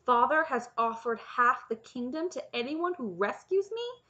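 A practical, unconventional young princess who speaks firmly and with authority, as a woman narrator puts her on. The recording is a little dull and muffled, her pitch in a middle range. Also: expressive, moderate pace, bright, forceful tone. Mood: firm, matter-of-fact. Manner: firm and matter-of-fact.

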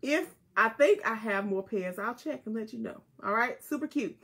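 A woman's voice: on the high side, normal speed, fairly bright tone. A woman hosting a casual live jewelry sale, chatting with viewers and repeating item codes. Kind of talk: casual live selling chat.

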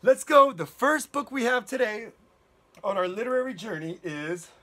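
Playful, goofy storytime man, high voice. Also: animated, moderate pace, bright, forceful tone. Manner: playful, goofy, jokes to kids. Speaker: children's librarian storyteller. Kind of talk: children's storytime reading.

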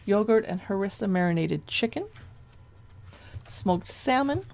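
A woman casually flipping through a cookbook, chatty and gushing as she reads dish names aloud, with a gravelly edge to her voice. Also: medium pitch, expressive, unhurried, a little mellow. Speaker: cookbook reviewer.

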